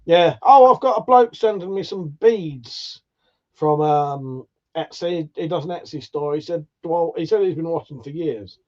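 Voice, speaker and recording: A man's voice: on the high side, unhurried, darkish tone. A man hosting a casual livestream, chatting and reading out viewer comments in a tired, swearing, easygoing manner. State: tired, yawning. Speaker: livestream host. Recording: dull lo-fi stream audio.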